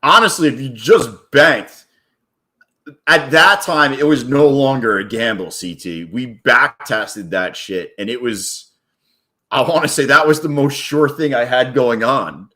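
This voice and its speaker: Excitable man with a bright voice. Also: medium pitch, measured pace. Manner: excitable, profane, hypes up his wins; rambling and casual. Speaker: day trader streaming live. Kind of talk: live stream chat.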